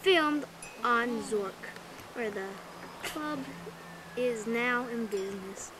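A woman narrating a homemade toy film as a playful mock announcer, rambling and halting in a goofy way. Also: on the high side. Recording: noisy homemade camera audio.

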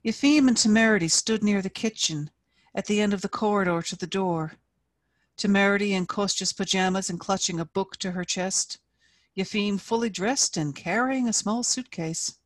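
A woman author reading her own fiction aloud at a live event, with measured, expressive narration. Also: mid-range voice, no room sound. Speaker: featured author.

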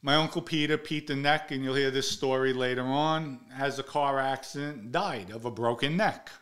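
A man's voice: mid-range voice, moderate pace, a bit bright. Blunt, profane New man telling stories. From the Bronx, New York. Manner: blunt, profane, acts out quotes in a raised voice. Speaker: show host telling stories. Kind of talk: casual storytelling monologue.

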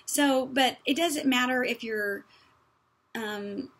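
A woman's voice: fairly high pitch, slow, fairly bright tone. A woman giving a practical church-style talk in a conversational, folksy way, with many fillers. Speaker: speaker teaching on apologies.

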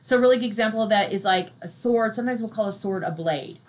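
Woman lecturer, casual classroom delivery, mid-pitched voice, slow, soft poem readings. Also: poor audio. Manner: conversational, often adds "right?" as a check; reads poems aloud slowly and softly. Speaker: literature lecturer. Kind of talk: recorded university lecture.

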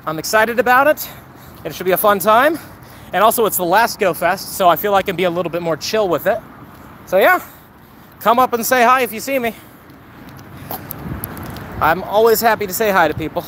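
A man's voice: high-pitched, animated, fairly quick, long pauses, pushed and bright, slight background noise. A man live-streaming a mobile game outdoors, chatting casually with viewers, joking and thanking donors.

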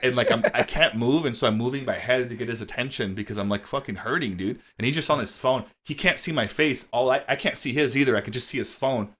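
A young man talking at a rapid clip in a middle-range voice. He rambles through his story, animated, profane, and full of filler words. The tone is loose, podcast-chat casual. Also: mid-range voice. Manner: rambling, animated, swears freely, packed with "like" and "dude". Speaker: podcast host.

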